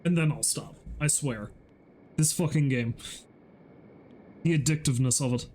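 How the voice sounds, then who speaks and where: A man giving casual commentary while he plays a game. He swears freely and jokes at his own expense in a medium-pitched voice. A faint hiss sits under the recording. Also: normal speed, a little mellow. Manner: profane, self-mocking, chatty. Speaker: game streamer.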